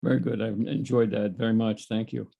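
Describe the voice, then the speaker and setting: A man in a meditation group, joking gently on a video call, in a halting way. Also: lowish voice, little pitch movement, gravelly, muffled recording. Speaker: group member. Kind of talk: casual video call chat.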